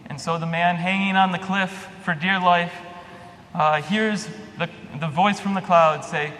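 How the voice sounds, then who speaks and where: A man's voice: sits high, steady tone, normal speed, pushed and bright. A man giving a sermon as a priest, telling a story in a conversational way with restarts and fillers. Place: church. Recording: long reverb, faint hum.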